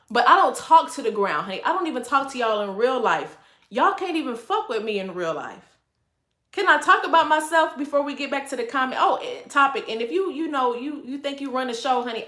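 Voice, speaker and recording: A high, bright woman's voice holds a sassy, scolding livestream rant. She keeps her delivery deliberately calm, tossing "honey" at her viewers again and again. The sound bounces around an echoey room. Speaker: livestream host.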